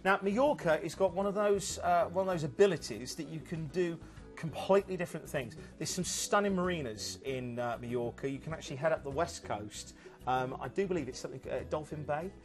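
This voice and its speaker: A man's voice: on the high side, a little fast, faint music behind. A man presenting cruise holidays on a TV sales show, chatty and upbeat with lots of fillers. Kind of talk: enthusiastic sales chat.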